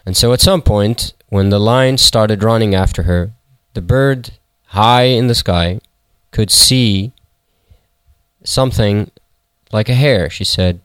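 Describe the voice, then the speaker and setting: A man retelling a folktale in a halting way, with fillers and self-corrections. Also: sits low, clear, resonant tone, no room sound. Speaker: storyteller.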